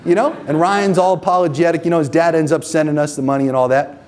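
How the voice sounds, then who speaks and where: A man's voice: a little high, steady tone, fairly quick, few pauses, a little mellow, slight background noise. A man giving a live seminar to a room of business owners, profane and emphatic, checking in with the audience with questions like "okay?" and "right?". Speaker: marketing agency owner presenting a workshop.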